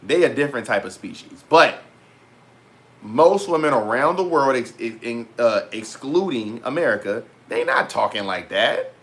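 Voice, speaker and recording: A young man vlogging in a casual, animated rant to his viewers, full of slang and repeated asides. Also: mid-range voice, moderate pace. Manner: animated, heavy slang, repeats "bro" and "petty". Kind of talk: casual storytelling rant to camera.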